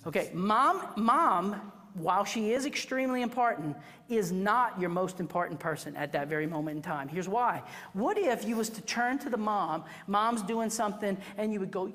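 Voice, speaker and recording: A woman teaching a photography workshop to a live class, chatty and animated, acting out little quoted exchanges. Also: medium pitch, fairly quick. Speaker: photography instructor. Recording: reverberant hall recording.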